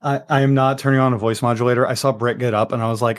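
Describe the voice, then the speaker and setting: A man in a mid-range voice runs a tabletop game in loose, casual chat. He laughs easily and keeps things relaxed as game master. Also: medium pitch, rapid-fire.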